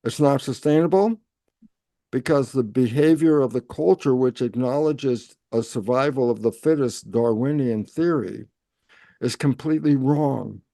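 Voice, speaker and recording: A man speaking as an interview guest, explaining in an animated way and answering his own rhetorical questions. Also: mid-range voice, unhurried, gravelly, no echo, clean studio sound.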